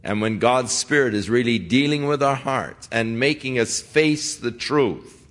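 A middle-aged male pastor who talks in an easy, conversational way. His unhurried delivery gives each point room. He slips into the voices of the people he describes to make his point. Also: medium pitch, fairly bright tone. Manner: conversational preaching, acting out quoted voices. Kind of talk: sermon.

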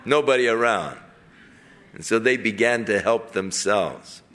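Male preacher, slow deliberate delivery, animated storyteller. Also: on the low side, a little hiss or hum. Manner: animated storyteller acting out characters. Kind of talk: sermon storytelling.

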